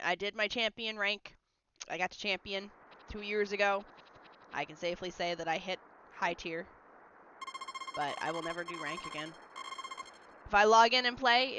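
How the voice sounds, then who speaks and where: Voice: medium pitch, sharp tone, slight background noise. A livestreamer in casual, rambling chat while gaming at home, answering messages from chat. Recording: slightly dull lo-fi mic. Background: faint game music.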